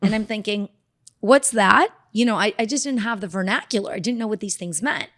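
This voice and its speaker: A middle-aged woman from Southern California, a dermatologist guest telling her life story in a casual interview, animated and acting out the voices of people she quotes. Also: mid-range voice, a little fast.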